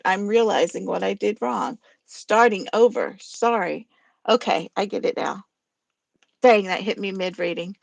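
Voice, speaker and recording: A woman with a mid-range voice and vocal fry lays out the rules of her live poetry stream at a measured pace. She's chatty and rambling, quick to laugh, and there's no echo on the recording.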